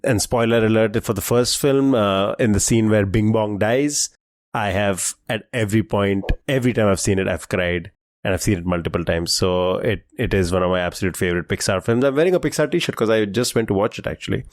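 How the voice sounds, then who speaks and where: A man's voice: on the low side, brisk, dry recording. A man co-hosting a quiz podcast, chatting casually and enthusiastically, thinking aloud as he guesses. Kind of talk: casual chat.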